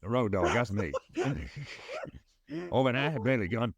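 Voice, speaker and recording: A man voicing a swaggering wrestler in a halting, put-on Cockney accent that slides into a slow drawl. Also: mid-range voice, big pitch swings, vocal fry, crowd noise, full character voice. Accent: Cockney, put on badly.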